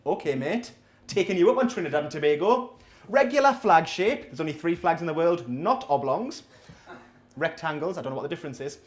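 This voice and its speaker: Lively, high-voiced comedian, echoey room. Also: male voice, fairly quick. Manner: rambling, self-deprecating, sweary. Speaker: stand-up comedian. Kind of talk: stand-up set. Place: small coffee shop venue, indoors.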